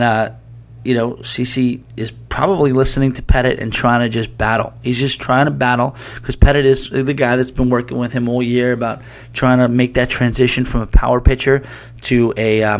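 A man's voice: medium pitch, level tone, moderate pace. Chatty male podcast host. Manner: rambling, restarts mid-sentence, reads listener email aloud. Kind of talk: casual sports talk.

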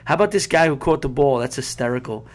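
A man talks through a casual sports podcast in a heated, rambling rant. He swears freely, restarts his sentences and flares up as he argues. His voice sits at an ordinary middle pitch for a man. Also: lively intonation, quick pace. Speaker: podcast host.

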